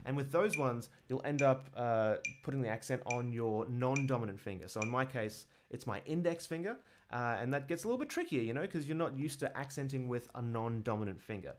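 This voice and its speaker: A man teaching bass in a casual livestream, rambling with lots of fillers as he answers questions. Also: a little fast, slight background noise. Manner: relaxed, rambling, many fillers, counts and scats rhythms aloud. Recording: bass guitar playing behind.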